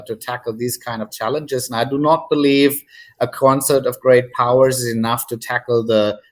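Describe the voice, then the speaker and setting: Measured male policy expert. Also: mid-range voice. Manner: measured, many "uh" fillers between phrases. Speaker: think-tank guest. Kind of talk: expert commentary.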